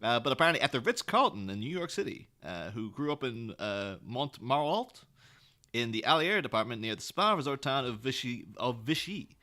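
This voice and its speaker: A man co-hosting a podcast tells stories in a rambling, animated style full of fillers. His medium-pitched voice moves at a normal speed through the casual chat.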